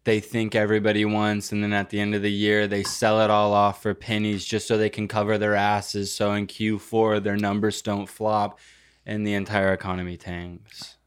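A young adult man co-hosting a podcast in casual chat, trading deadpan, teasing banter. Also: fairly low pitch, moderate pace, clean tone. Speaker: podcast co-host.

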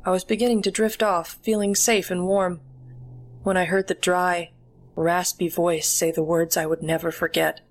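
A woman reading a horror story aloud in a measured, deliberate storytelling voice. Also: lowish voice, flat delivery. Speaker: narrator. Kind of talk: scripted horror story narration.

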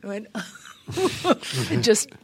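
Animated older woman telling stories. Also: slow pace. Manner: animated, laughs often, acts out remembered lines. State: voice a little worn. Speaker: guest. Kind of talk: casual interview storytelling. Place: large studio room.

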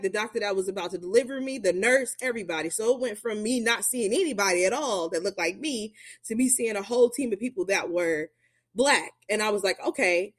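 A woman's voice: a little high, no echo, clean studio sound. A young adult woman telling a personal story in a chatty way, full of fillers, who acts out the voices of the people she quotes.

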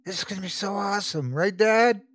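A man voicing an excited, eager young boy in a spoken horror story. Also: high-pitched, measured pace, no room sound, pitched above the performer's own voice, full character voice.

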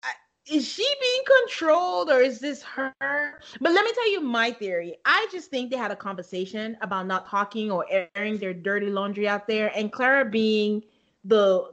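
A woman's voice: medium pitch, moderate pace, fairly bright tone. A woman co-hosting a podcast in casual chat, recapping a show, laughing often and quoting people as she tells it. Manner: chatty, laughs often, quotes people in her retelling.

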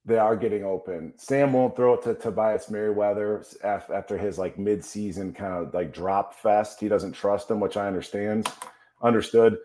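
A man's voice: on the low side, moderate pace, mellow. Brief: fired-up male football pundit, ranting co-host. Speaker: co-host, former player. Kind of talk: heated sports talk.

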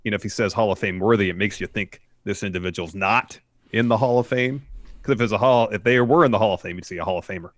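Hesitant low-voiced podcast man. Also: quick pace, dry recording. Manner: hesitant, many "um"s and restarts. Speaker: wrestling podcast co-host. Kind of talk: casual chat.

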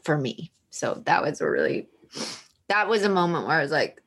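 A woman guest speaking candidly and haltingly about her life, laughing through tears. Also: sits low, sing-song, vocal fry, fairly bright tone. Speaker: guest author. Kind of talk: emotional personal storytelling.

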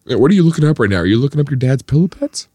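A young man hosting a casual podcast, his pitch swinging wildly as he jokes and laughs through his stories. His voice is mid-pitched and heard close and dry, with no room sound. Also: sing-song, racing, dark tone, no echo. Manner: laughs often while telling stories. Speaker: podcast host. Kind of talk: casual chat.

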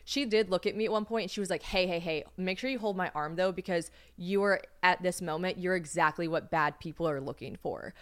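A woman's voice: on the low side, fairly quick, hardly any pauses, clear, resonant tone. A young woman co-hosting a podcast, telling a story in casual chat, acting out what others said and laughing often. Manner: animated, acts out quoted voices, laughs often. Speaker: podcast co-host.

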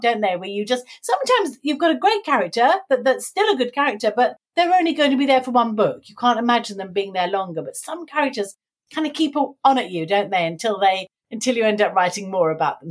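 A woman's voice: a little high, lively intonation, quick pace. A middle-aged woman, an author, talking casually in an interview, with frequent tag questions and light laughs. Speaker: author guest.

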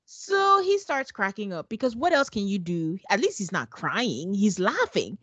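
Animated laughing woman podcast host. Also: medium pitch, moderate pace, slightly rough, no echo. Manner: animated, laughing often, acts out quotes. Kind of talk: casual recap chat.

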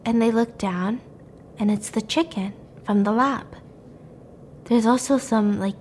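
A woman casually recapping a horror movie as a storyteller, animated and profane, often breaking into laughter. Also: on the high side, a little slow, pauses often, a little hiss or hum.

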